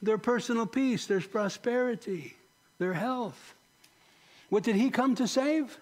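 A male pastor preaching with passion, his high voice climbing on pointed questions before falling to a near-hush. The delivery is a fervent sermon, by turns urgent and sorrowful. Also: measured pace. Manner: impassioned preaching, rising to emphatic high questions then dropping soft.

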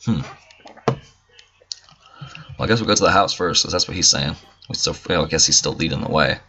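A man's voice: very deep voice, lively intonation, brisk, pauses often, sharp tone, slight background noise. A man giving casual, profane, joking let's play commentary and talking back to game characters. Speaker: gamer.

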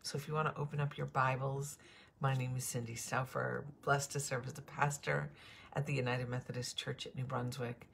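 A woman's voice: extremely low pitch, creaky, fairly bright tone, a little hiss or hum. A woman pastor giving a morning devotion, greeting listeners by name and preaching earnestly with emphatic repetition.

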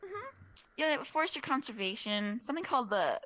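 A young woman chatting late at night with a friend, tipsy and rambling through a story with endless "like"s and fillers. Her voice is bright and lively, and she gets animated as she tells it. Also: high voice, brisk. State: drunk. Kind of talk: casual chat.

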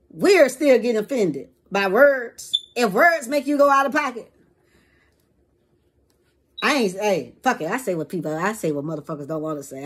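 A woman's voice: on the high side, breathy edge. A woman vlogger giving a rambling, profane opinion rant to camera in casual street slang.

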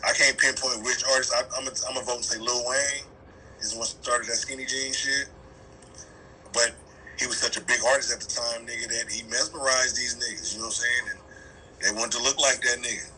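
A middle-aged man with a very bright, forceful voice, talking casually on a radio show. He tells stories full of swearing and keeps breaking into laughs. A faint hiss sits under his voice. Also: medium pitch, fairly quick, poor audio. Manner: animated, profane, storytelling with frequent laughs.

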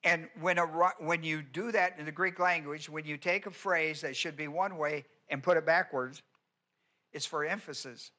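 A man preaching a teaching sermon, his voice bright and ringing and set a little higher than most men's. He presses each point by repeating it and keeps asking the congregation questions. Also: steady tone, moderate pace. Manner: emphatic teaching, repeats key words, asks the congregation questions. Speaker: pastor. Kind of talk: expository sermon.

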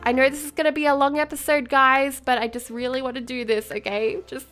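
A woman hosting a let's play, giving excitable gameplay commentary full of gasps and exclamations of wonder. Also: sits high, brisk, faint music behind.

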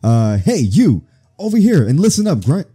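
A man's voice: a little high, very animated, normal speed, breathy edge, voice pushed up, heavily acted. A man voicing a bossy male gang commander briefing grunts in a game playthrough. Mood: barking. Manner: loud and commanding.

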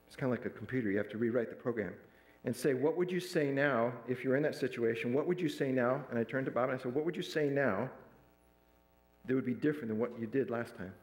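A man's voice: mid-range voice, darkish tone, reverberant, poor audio. A man preaching a sermon, retelling a counseling story and acting out the lines of the people in it. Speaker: pastor. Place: church sanctuary.

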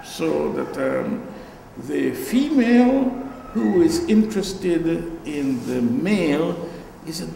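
An older man with a Guyanese accent reminisces about his art in a slow, unhurried way. His voice is gravelly and sits a little high. The sound carries the long reverb of a gallery room. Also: warm tone, slight background noise. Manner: reflective, storytelling, trailing asides. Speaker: artist. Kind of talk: gallery talk.

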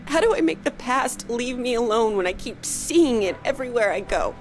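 Actress as a tense, guarded young woman for a game, slightly high voice, faint music underneath. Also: lively intonation, lightly acted. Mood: distraught. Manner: guarded, tense, quick to shout. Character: troubled young woman, haunted by her past. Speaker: main character. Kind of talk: video game voice acting.

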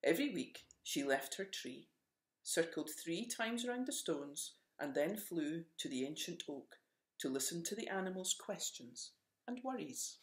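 A storyteller reading a children's picture book aloud in a gentle, expressive way. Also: medium pitch, unhurried, echoey room.

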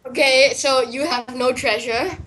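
A woman playing a video game with a friend, teasing and excitable, swearing and laughing often. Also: high-pitched, unhurried, heavy background noise. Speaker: gamer. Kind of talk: casual gaming chat.

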